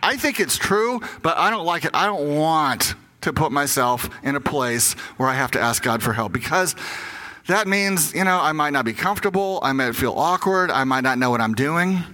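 Older man preaching with a bright voice. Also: on the high side, expressive, normal speed. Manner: candid personal storytelling, acting out his own inner voice. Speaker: pastor. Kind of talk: conversational sermon.

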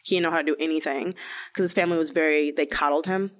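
A young woman with a low voice talks fast as she tells her own story in an interview. It's casual and chatty, packed with "like," and she acts out quotes in lively voices.

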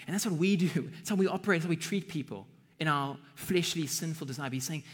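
Brief: earnest male preacher, husky and fairly high voice, long hall reverb. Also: fast talker, hardly any pauses. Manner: earnest, building to emphatic bursts. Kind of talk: sermon.

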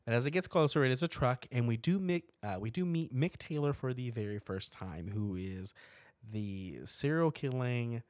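A podcast co-host in casual chat about a horror movie, animated and laughing often, bursting into loud acted-out reactions. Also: mid-range voice, moderate pace, dry recording, studio quality.

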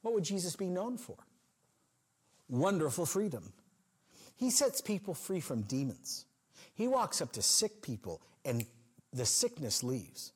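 Husky-voiced man preaching a sermon. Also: measured pace, pauses often. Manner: expressive preaching, acting out quoted voices with sudden swings in pitch and volume. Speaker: pastor.

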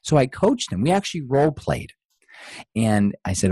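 A man's voice: mid-range voice, very animated, normal speed, warm tone, breathy edge, no room sound. A middle-aged man, a guest in an interview, speaking in an earnest, motivational way full of rhetorical questions. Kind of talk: conversational interview.

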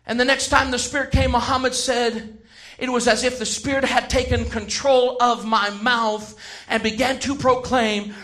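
A man preaching a sermon, who shouts some phrases and slows right down to stress others. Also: very high voice, little pitch movement, faint music behind. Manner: emphatic, swings from shouting to slow stressed words.

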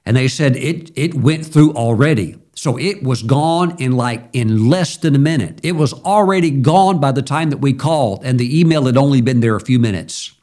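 A man's voice: medium pitch, moderate pace, hardly any pauses, darkish tone. Man preaching a storytelling sermon. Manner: conversational storytelling with sudden emphatic jumps. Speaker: pastor.

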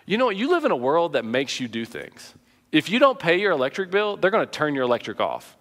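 A man's voice: on the high side, big pitch swings, brisk, fairly bright tone, long reverb tail. A man preaching a sermon as pastor, conversational and earnest, telling personal anecdotes.

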